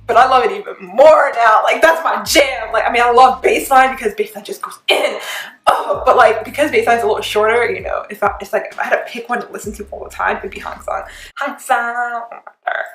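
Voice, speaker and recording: A woman with a fairly high voice and hosts a casual reaction vlog. She talks in an animated, chatty way, often breaking into laughter and loud exclamations. The room is echoey, with faint music in the background. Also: brisk. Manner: animated, bursts into laughter and shouting. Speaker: reaction channel host.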